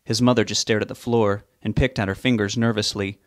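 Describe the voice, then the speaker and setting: A man reads a novel aloud in a plain, steady storytelling manner. His voice sits low, and the recording is dry and close. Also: a little fast, no room sound. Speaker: narrator.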